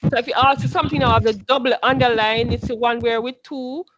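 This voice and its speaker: A woman's voice: on the high side, fairly even intonation, a little fast, dull audio, noisy background. A woman teaching a class, patient, who repeats her instructions and quizzes her students as she goes.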